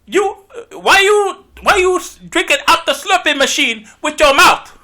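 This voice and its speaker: Sex: man performer. Figure: irate convenience store clerk with an Indian accent. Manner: jumpy, stammering threats. Pitch: high. Level: loud. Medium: podcast bit. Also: expressive, measured pace, heavily acted. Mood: angry.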